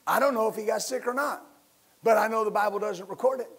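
A man preaching a sermon as pastor, building to loud emphatic bursts and leading his listeners in call-and-response. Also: high-pitched, quick pace, husky.

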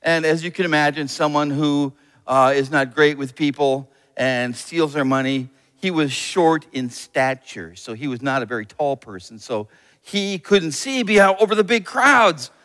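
Pastor guy telling a kids bible story, animated, bit high, echoey hall. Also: measured pace. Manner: animated storyteller, acts out characters. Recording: long hall reverb, faint music.

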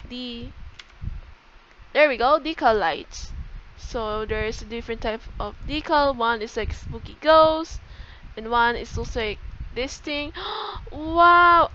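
High-voiced, excitable young woman gamer. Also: lo-fi sound. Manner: chatty, excitable, gasps and self-corrections. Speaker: gaming YouTuber. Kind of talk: casual game walkthrough.

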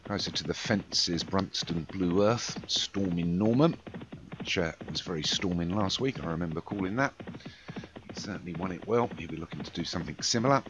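A man's voice: sits low, fairly quick. A man giving chatty amateur race commentary on a video game race, with self-deprecating asides between the calls. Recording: dull lo-fi with clear background noise.

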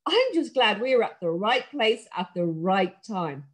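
A woman's voice: mid-range voice, sing-song, unhurried, fairly bright tone. A woman voicing an earnest, slightly hesitant young farm boy in a read-aloud story. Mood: relieved.

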